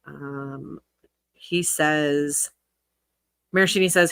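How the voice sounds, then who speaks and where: A woman's voice: lowish voice, measured pace, pushed and bright, no echo. A woman commentary creator reading text messages aloud, with sarcastic asides between the quotes.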